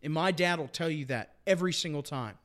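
Casting note: young male sports podcast host, slightly high-pitched, fired-up and emphatic, hammers his points home. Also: a little fast, a bit bright. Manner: impassioned, emphatic, repeats points. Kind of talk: casual sports chat.

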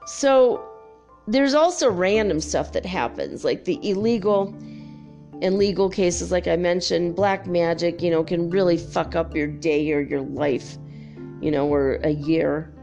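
A woman's voice: lowish voice, measured pace, mellow, faint music behind. A middle-aged woman in casual chat, swearing freely and telling stories with animation. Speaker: spiritual vlogger.

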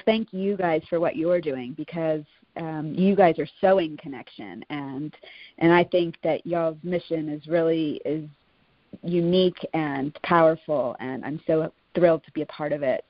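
A woman's voice: low voice, moderate pace, no echo, highs cut off. A woman in her thirties, a podcast guest, talking in a heartfelt, chatty way with many "you know"s. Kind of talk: casual interview chat.

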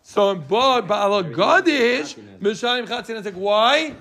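High-voiced man teaching a Talmud class. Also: animated, slow pace, pushed and bright. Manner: explains with Yiddish-inflected Yeshivish terms, quizzes students.

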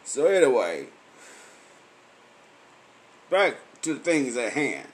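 A man's voice: big pitch swings, takes it slowly. A tipsy man, rambling and cursing freely as he hosts a late-night live chat from home. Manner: profane, loose and boisterous, swings from low mumbles to loud outbursts. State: tipsy from drinking. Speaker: podcast and Facebook live host.

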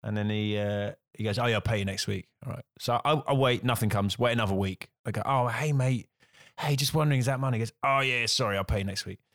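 Man, comedian, animated storyteller, swears a lot, does voices of people he quotes, dry close sound. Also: lowish voice, fast, few pauses, dry recording. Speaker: comedian guest. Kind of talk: casual podcast chat, storytelling.

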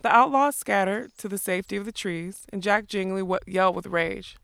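Woman reading a novel aloud; smooth with some fry, dry close mic. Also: medium pitch, a little fast, few pauses, no room sound. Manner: informal, relaxed delivery. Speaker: book club reader.

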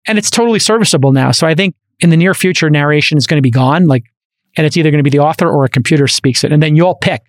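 A man hosting a podcast, chatting casually and telling stories with quick asides and restarts, into a studio microphone. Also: fairly high pitch, no room sound. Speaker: podcast host.

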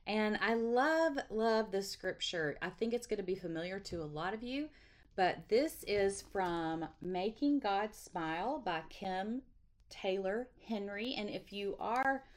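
A woman's voice: mid-range voice, lively intonation, a little slow, darkish tone. A middle-aged woman, hosting a casual devotional livestream in a chatty, folksy way with frequent laughs. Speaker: devotional host. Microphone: webcam or phone livestream.

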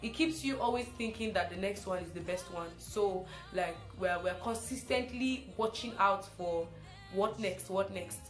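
A young woman from Africa hosting a casual spoken reflection, chatty and animated, repeating phrases for emphasis. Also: medium pitch, moderate pace, echoey room, faint music behind. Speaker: host.

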